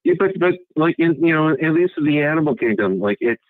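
A man's voice: a little high, expressive, a little fast, dry recording. A man phoning in to a podcast, joking and rambling with lots of filler words. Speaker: caller. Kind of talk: phone-in banter. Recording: tinny phone line.

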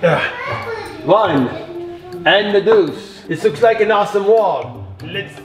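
Playful dad talking to his kids, bounces all over in pitch, music playing underneath. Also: takes it slowly. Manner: playful, excitable, talks to kids. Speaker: dad hosting a family toy channel. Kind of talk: casual family vlog chat.

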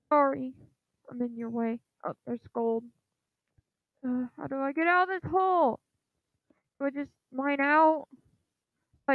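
A high-pitched woman talks slowly through her game, hesitant and full of fillers, and she keeps apologizing. Her voice comes through a thin, phone-like mic with a dry, close sound and no room around it. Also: no echo. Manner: urges the game on with repeated short cries. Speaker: gaming channel host. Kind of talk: casual gameplay commentary.

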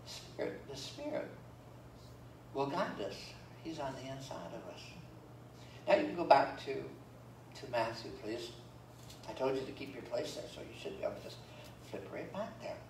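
A man's voice: medium pitch, normal speed. A man preaching a sermon as pastor, reading scripture aloud and adding folksy, joking asides. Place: church sanctuary. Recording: roomy church echo, from far off, faint room noise.

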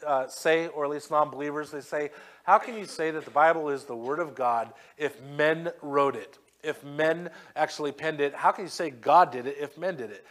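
A man preaching a sermon as pastor, reading scripture emphatically and acting out quoted voices. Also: a little high. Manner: acts out quoted voices in asides.

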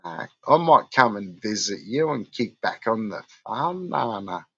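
A man's voice: on the low side, big pitch swings, a little slow, a bit bright, slightly rough, dull audio. An Australian man hosting a livestream, drunk and rambling, swearing constantly in casual chat. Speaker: livestream host.

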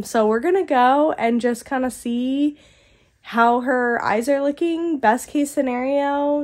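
A young woman with a stuffy head cold, chatting casually to her vlog audience from a quiet house and rambling as she thinks aloud. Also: on the high side. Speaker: vlogger and mother. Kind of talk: casual vlog talk to camera.

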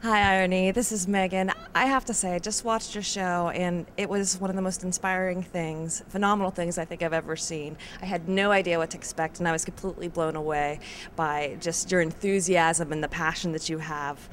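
A woman's voice: on the low side, steady tone, brisk, a little hiss or hum. A woman giving a gushing, heartfelt audience testimonial. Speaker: audience member. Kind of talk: enthusiastic testimonial.

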